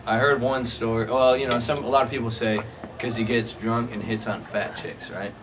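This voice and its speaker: A man's voice: medium pitch, steady tone, normal speed. A young man casually telling a rambling, profane anecdote to friends, often laughing as he talks. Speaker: storyteller. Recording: noisy amateur recording.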